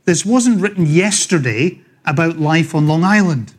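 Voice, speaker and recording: A middle-aged man with a Scottish accent preaching a sermon, chatty and joking with the congregation, reading scripture slowly and loudly. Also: fairly high pitch, lively intonation. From Scotland. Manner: slows and swells when reading scripture. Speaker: pastor. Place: church.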